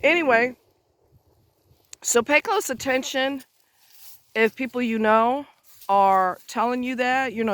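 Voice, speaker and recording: High-voiced man giving blunt outdoor advice. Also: slow, long pauses, fairly bright tone, smooth. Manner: emphatic, blunt and chatty, with offhand asides. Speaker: advice vlogger. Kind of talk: casual advice monologue. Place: outdoors near a road, minding a dog.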